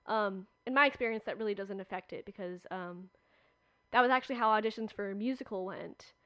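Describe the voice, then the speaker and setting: A young woman, a podcast guest, telling stories in a chatty, animated way with many fillers. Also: mid-range voice, fairly quick, no echo. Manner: chatty, animated storytelling with frequent "like". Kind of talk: casual chat.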